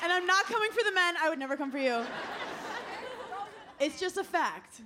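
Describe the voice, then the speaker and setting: A woman's voice: extremely high pitch, lively intonation, normal speed. A young woman doing a stand-up comedy set, brash and playful, laughing through her punchlines. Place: comedy stage before a live audience. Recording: loud live crowd and noise.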